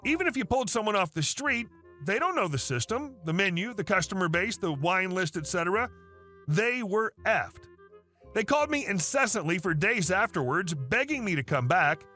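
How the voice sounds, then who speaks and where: A man's voice: high voice, sing-song, brisk, bright, forceful tone. A man narrating online stories in a casual, wry storytelling tone. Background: faint music.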